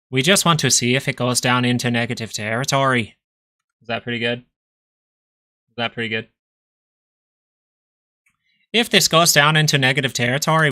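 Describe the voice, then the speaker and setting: With a mid-range voice that's bright and forceful, a young man hosts a live stock market stream. He jokes with viewers while rambling casually over the charts.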